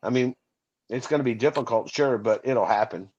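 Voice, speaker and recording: Podcast co-host, man, mid pitch, stop-start delivery, muffled lo-fi audio. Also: a little mellow, slightly rough. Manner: halting, restarts often. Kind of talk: casual chat. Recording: dull lo-fi sound.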